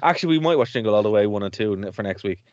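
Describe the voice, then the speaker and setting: A man's voice: fairly low pitch, expressive, very fast, no room sound, lo-fi sound. A man hosting a radio and podcast show, chatting casually, rambling and laughing often. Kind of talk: casual chat.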